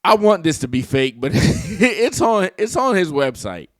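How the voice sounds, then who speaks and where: A man giving casual vlog commentary, animated and laughing often as he reacts to a clip. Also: sits high, measured pace, no room sound, clean studio sound. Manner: animated, laughs often, talks back at clips.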